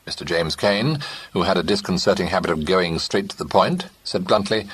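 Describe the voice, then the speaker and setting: A man narrating a classic mystery novel as an audiobook, in measured scripted storytelling. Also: deep voice, fairly bright tone, husky.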